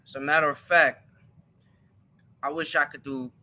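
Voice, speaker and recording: Bright-voiced man ranting on a live stream. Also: fairly high pitch, steady tone, moderate pace. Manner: emphatic, repeats and restarts words. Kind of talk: live-stream opinion monologue.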